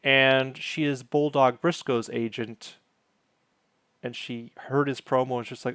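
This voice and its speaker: A man's voice: medium pitch, fairly even intonation, unhurried, fairly bright tone, clean tone, no room sound, studio quality. A man hosting his own channel, casually recapping a sitcom episode, wandering off on tangents and correcting himself as he goes.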